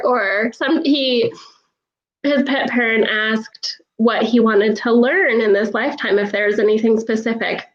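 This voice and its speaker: A woman's voice: fairly high pitch, unhurried, dull audio. A woman who is an animal communicator, telling stories in a casual interview and laughing often.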